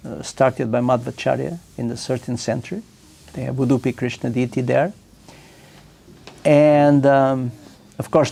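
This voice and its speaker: A man leading a scripture class, reading out a passage and then explaining it in loose asides with fillers and soft chuckles. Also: mid-range voice, gravelly. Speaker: temple class speaker.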